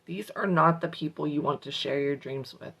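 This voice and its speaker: A woman's voice: sits low, normal speed, vocal fry, a bit bright, husky, poor audio. A woman hosting a morning motivation show, reading a self-help book aloud with casual, salty asides. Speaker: motivational host.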